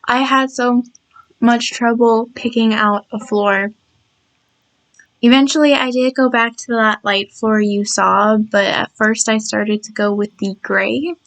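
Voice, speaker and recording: Woman, tired, slightly croaky, scratchy, a little high-pitched, rambling casual voice-over chat. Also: steady tone, a little slow, a bit bright. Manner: rambling and chatty, with many restarts. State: tired and yawning. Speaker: game builder talking over her build.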